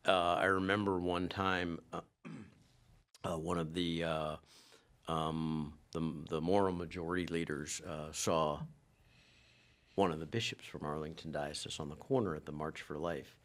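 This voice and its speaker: A very low-pitched man chatting casually on a podcast. He rambles and halts, restarting his sentences often. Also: steady tone, fairly bright tone. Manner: rambling, halting, many restarts. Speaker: podcast co-host. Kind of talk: casual chat.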